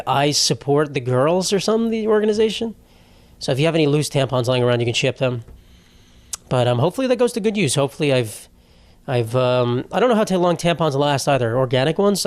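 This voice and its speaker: A man's voice: on the high side, animated, fast talker, dry recording. Rambling, profane man on a dry mic. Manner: rambling, profane, self-mocking storyteller. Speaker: podcast host. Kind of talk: solo comedy podcast monologue. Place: home setup.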